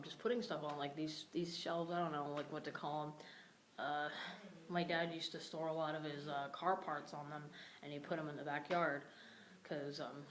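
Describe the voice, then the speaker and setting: Upset young woman venting, low voice. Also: poor audio. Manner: upset, venting, swearing freely. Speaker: vlogger. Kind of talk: casual vlog rant.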